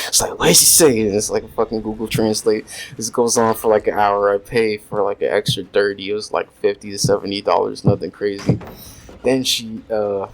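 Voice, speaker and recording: Low-voiced guy telling a crude storytime at his gaming desk, loose and profane, with a faint hum behind. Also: poor audio. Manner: rambling, crude, heavy swearing and fillers. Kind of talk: casual storytime. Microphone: desk USB microphone. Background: faint noise and mouse clicks.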